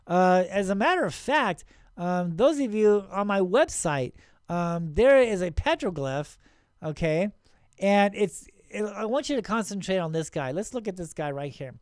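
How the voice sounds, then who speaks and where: A middle-aged man hosting his own channel, talking excitedly and rambling, with many restarts and frequent "right?" checks. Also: high-pitched, a little slow, smooth, no room sound, studio quality. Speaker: channel host. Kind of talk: casual video commentary.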